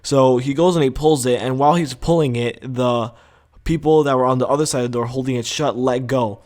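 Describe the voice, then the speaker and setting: A young man tells a school story to his vlog audience in a loose, rambling way. He swears freely and fills his sentences with ums, likes and sos. His voice sits at an ordinary middle pitch for a man. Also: fairly quick. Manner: rambling, profane, animated storytelling with many fillers. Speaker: vlogger.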